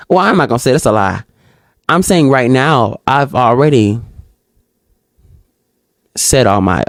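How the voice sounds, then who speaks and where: On her solo podcast, a woman reads reflection questions aloud and answers them in a lively, outspoken manner, addressing listeners directly. She acts out small dialogues using higher voices. The recording has no room sound.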